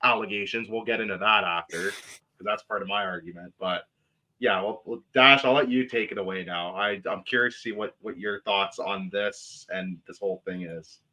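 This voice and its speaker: A man's voice: on the low side, normal speed, pushed and bright, a little hiss or hum, rough recording. A man co-hosting a casual podcast, blunt and opinionated, swearing freely as he lays out his argument. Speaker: podcast co-host.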